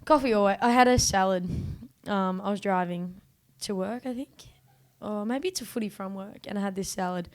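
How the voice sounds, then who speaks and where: A woman co-host with an Australian accent, teasing and quipping in casual chat. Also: mid-range voice. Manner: teasing, quick quips.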